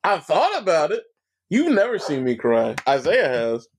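A young man co-hosting a podcast who tells stories in a lively, casual way and laughs often. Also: on the high side, normal speed, slight background noise. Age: young adult. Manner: animated storyteller, laughs often. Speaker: podcast co-host. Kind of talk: casual chat.

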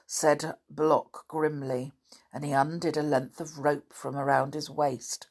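Slow low-voiced woman reading a story. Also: flat delivery. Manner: unhurried, stops to correct own slips. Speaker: storybook reader. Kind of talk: reading a children's novel aloud.

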